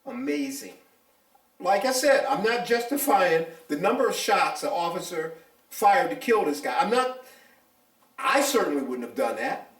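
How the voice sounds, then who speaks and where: A man's voice: fairly high pitch, moderate pace. An older man, a retired police officer giving his views in an interview, talking bluntly and emphatically. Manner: blunt, animated, emphatic storytelling. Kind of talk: casual interview talk. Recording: echoey room, mic at a distance.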